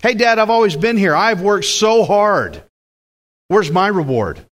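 A man's voice: very high voice, animated, normal speed, fairly bright tone, pitched above the performer's own voice. A man voicing a resentful older son who complains in a whiny, self-righteous way about his reward.

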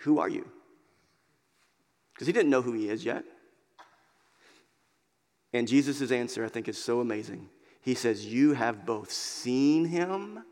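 A man preaching a sermon as a pastor, emphatic and repeating words as he builds, sometimes dropping to a hushed intensity. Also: mid-range voice. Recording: long hall reverb.

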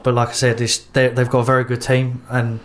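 A man's voice: medium pitch, completely flat delivery, a little fast. A man, a local football team manager, answering interview questions in loose, rambling sentences with many restarts.

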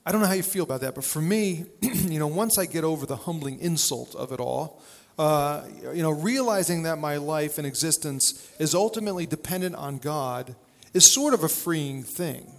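A man's voice: fairly high pitch, expressive, moderate pace, long reverb tail. A male pastor preaching a sermon in a conversational, storytelling way, with plenty of fillers and restarts.

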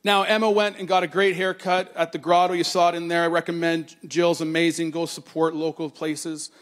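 A middle-aged pastor with a fairly high, brisk voice preaches a sermon. He tells a family story, animating the quoted voices, then grows earnest and soft when he turns to scripture.

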